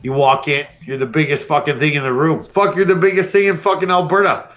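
A man's voice: fairly high pitch, steady tone, a little fast, a bit bright, lo-fi sound. A man hosting a podcast, delivering a brash, profane comedic roast rant. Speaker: podcast host.

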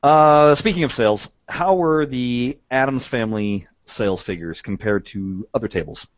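Chatty podcast host, dry muffled sound. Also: male voice, mid-range voice, moderate pace, dry recording. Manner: chatty, laughs often, fills with "uh". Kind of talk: casual podcast chat.

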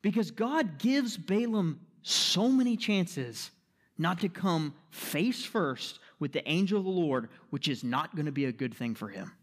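A man's voice: fairly high pitch, lively intonation, unhurried. A man preaching a sermon as pastor, emphatic, posing rhetorical questions and checking in with the listeners. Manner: checks in with "right?" and "okay?".

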